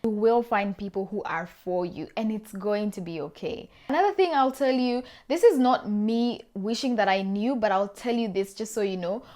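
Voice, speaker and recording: A woman's voice: medium pitch, moderate pace, few pauses, darkish tone. A woman in her twenties from Kenya, with an accent that mixes Kenyan and Australian, chatting to her viewers in a casual, encouraging advice vlog. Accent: Kenyan-Australian blend. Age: 20s. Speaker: vlogger.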